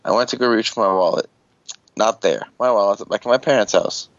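Host, guy with a gravelly lowish voice, rambling storyteller, swears, muffled lo-fi call audio. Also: quick pace, no room sound. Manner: rambling, swears casually, acts out quotes. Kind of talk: casual storytelling on an online call.

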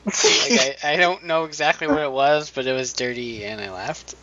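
Give me a playful podcast co-host who giggles while reading listener comments. The voice is very lively and swoops up and down. The audio is muffled and lo-fi. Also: mid-range voice, normal speed, a crowd in the background.

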